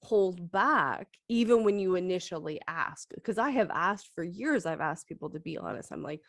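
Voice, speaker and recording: A woman's voice: fairly low pitch, lively intonation, moderate pace, hardly any pauses, fairly bright tone, no room sound, studio quality. A woman co-hosting a casual talk, speaking in a thoughtful, candid way. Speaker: co-host. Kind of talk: casual chat.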